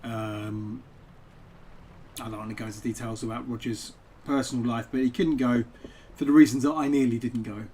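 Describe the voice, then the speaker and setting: Male streamer, average pitch, casual rambling chat to viewers from home. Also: fairly even intonation, normal speed, dark tone, slight background noise. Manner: rambling, chatty, digressive. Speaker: poet and game streamer. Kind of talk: casual live-stream chat over gameplay.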